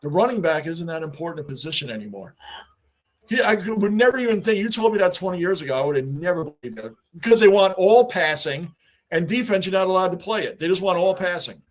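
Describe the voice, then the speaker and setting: Chatty New man riffing on sports. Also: high-pitched. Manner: talkative, reads and answers chat, repeats himself. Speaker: livestream host. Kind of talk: casual livestream chat.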